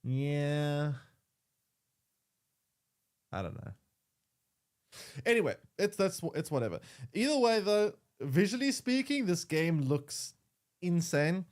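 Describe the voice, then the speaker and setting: With a slightly high voice, a young man streams a game and talks casually, stumbling into restarts and repeated words. He is very animated yet slow-paced, pausing often.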